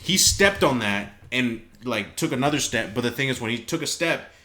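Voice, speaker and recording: A man's voice: mid-range voice, lively intonation, moderate pace. A laid-back man co-hosts a casual podcast, using easy slang and leading the talk with questions. A faint hiss sits under his voice. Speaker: podcast co-host.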